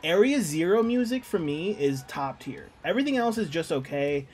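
A man's voice: on the high side, sing-song, moderate pace, a little mellow, slightly rough, faint music behind. A man streaming a video game, chatting casually and joking with his viewers as he plays. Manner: chatty, joking, talks to chat and reads out messages. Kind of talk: casual chat while playing a game.

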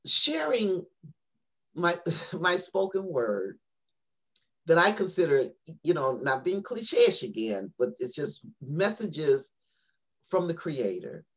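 A woman, a poet and author, telling a long personal story on an interview show in a rambling, animated way, full of fillers and restarts. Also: deep voice, slow pace, slightly rough.

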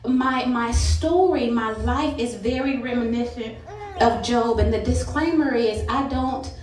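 A woman's voice: fairly high pitch, a little slow, darkish tone. Woman preacher, earnest testimony, heard from afar in a very echoey sanctuary. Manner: earnest, personal storytelling. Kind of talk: sermon testimony. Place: church sanctuary. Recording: roomy church sound from a distance.

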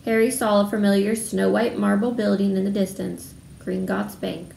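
Lady reading a kids book aloud, gravelly voice, echoey room, faint noise behind. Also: mid-range voice, flat delivery, normal speed, darkish tone. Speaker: readalong reader.

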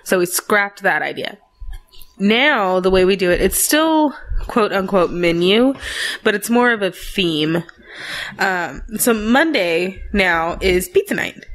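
A woman's voice: mid-range voice, lively intonation, takes it slowly, a bit bright. A woman co-hosting a podcast in casual chat, eager and talkative, with teasing asides and casual swearing. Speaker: podcast co-host, mother of four.

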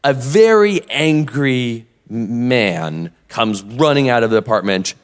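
A man co-hosting a live podcast, telling a story in a lively, animated way. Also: medium pitch, slow pace, clear, resonant tone. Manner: animated, acts out both sides of quoted exchanges. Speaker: podcast co-host. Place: convention stage with long reverb. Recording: live hall reverb.

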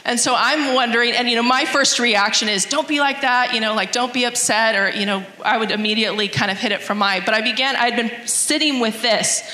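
A woman's voice: fairly high pitch, brisk, few pauses, sharp tone. Earnest mother in an echoey church hall. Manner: earnest, reflective, reads scripture aloud. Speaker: mother sharing a testimony. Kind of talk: church testimony talk. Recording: echoey hall, long reverb.

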